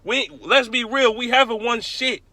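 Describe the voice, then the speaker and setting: A man's voice: extremely high pitch, steady tone, normal speed, pushed and bright, no echo. A young man ranting angrily and bluntly as a sports fan, swearing and repeating himself for emphasis. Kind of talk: heated profane rant.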